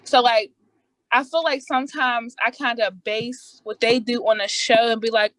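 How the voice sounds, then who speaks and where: A woman's voice: on the high side, brisk, fairly bright tone, no room sound, rough recording. A woman student asking a question on a video call, hesitant and using "like" a lot. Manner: hesitant, says "like" often. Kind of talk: casual chat.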